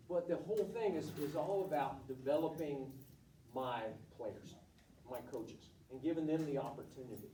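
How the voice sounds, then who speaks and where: A man's voice: a little high, moderate pace, mellow, a little hiss or hum. A middle-aged man, a volleyball coach, giving a candid, blunt talk to students and telling stories from his career. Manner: candid, blunt, storytelling with acted quotes. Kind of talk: informal presentation to students. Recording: echoey room, voice from far off.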